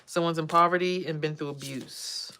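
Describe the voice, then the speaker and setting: Low-voiced woman doing a tarot vlog. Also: fairly even intonation, normal speed, very noisy. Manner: rambling, chatty, talks straight to viewers. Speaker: tarot reader and spiritual vlogger. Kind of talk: casual spiritual tarot vlog.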